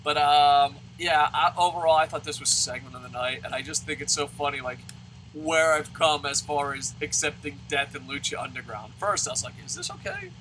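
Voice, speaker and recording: A man from New Jersey reviewing a wrestling show in a loud, profane, laughing rant that jumps into high shouts. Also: fairly even intonation, moderate pace, slight background noise, poor audio. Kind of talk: profane animated ranting review.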